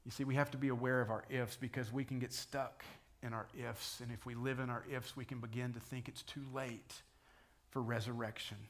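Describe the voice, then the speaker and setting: A male pastor gives a sermon in a conversational tone, talking straight to his listeners. His voice sits at an ordinary middle pitch, and he lifts it loudly for the dramatic scripture quotes. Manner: conversational preaching, rising to loud dramatic quotes.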